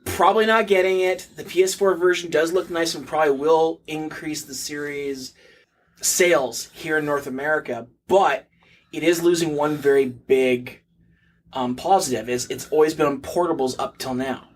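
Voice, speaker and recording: A man with a fairly high voice co-hosting a casual podcast about games. He gives blunt, opinionated verdicts in a relaxed, chatty way. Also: normal speed. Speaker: podcast co-host. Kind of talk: casual gaming podcast chat.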